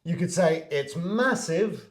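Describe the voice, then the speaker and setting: A man's voice: on the high side, expressive, slow pace, very noisy. A man giving a lesson, explaining words and acting out example sentences. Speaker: English teacher. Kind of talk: online language lesson. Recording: echoey room.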